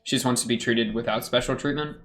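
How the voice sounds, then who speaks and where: A young man chats casually as he reacts to an anime episode, with a voice in an ordinary middle pitch. He jokes and mutters little asides to himself as he watches. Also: steady tone, quick pace, fairly bright tone. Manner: chatty, joking, muttering asides.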